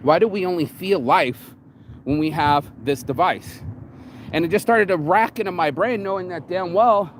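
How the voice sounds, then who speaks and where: A man with a fairly high voice talks straight to the camera in a blunt, profane motivational vlog. He keeps slipping into quick acted quotes. Faint outdoor ambience and passing traffic sit under his voice. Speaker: motivational vlogger. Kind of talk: casual motivational talk.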